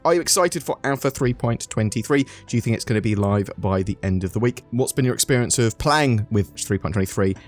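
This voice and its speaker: Guy rambling excitedly about a game, mid pitch, music faint behind. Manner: enthusiastic, rambling, with fillers. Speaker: gaming channel host. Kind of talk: casual gameplay commentary.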